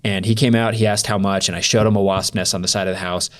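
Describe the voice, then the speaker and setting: A man's voice: fairly low pitch, fairly even intonation, fast talker. A young man, a podcast guest, telling a personal story in a loose, rambling way full of "like" fillers. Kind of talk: storytelling in a casual interview.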